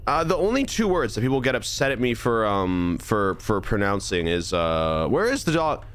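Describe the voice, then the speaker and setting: A man with a Californian accent giving live commentary as he plays a game, animated and incredulous, often repeating words and restarting sentences. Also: lowish voice, moderate pace, clean tone. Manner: rambling, restarts and stammers. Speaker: streamer.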